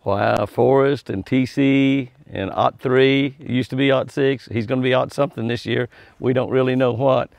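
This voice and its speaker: A man's voice: mid-range voice, fairly even intonation, moderate pace, creaky, darkish tone, no room sound. A man talking casually to deer on his ranch, coaxing them in and chatting to viewers in a folksy way. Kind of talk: casual talk to animals and viewers. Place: outdoors at a deer pen.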